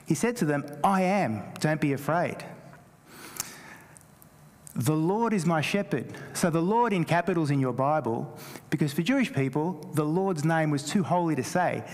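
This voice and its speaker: Greek-born pastor preaching in a hall. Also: male voice, fairly high pitch, normal speed. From Greece. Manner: animated preaching, rising emphasis on quoted scripture. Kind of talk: sermon.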